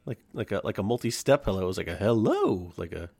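A man's voice: fairly low pitch, big pitch swings, fast talker, vocal fry, crowd noise. A man hosting a podcast in casual chat, rambling and joking, often correcting himself mid-sentence. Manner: rambling, self-correcting, jokey. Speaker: podcast host.

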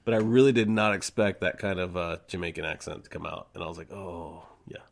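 Low and fast with a touch of vocal fry, a man co-hosts a podcast. His casual talk wanders, full of stammered restarts and easy laughter.

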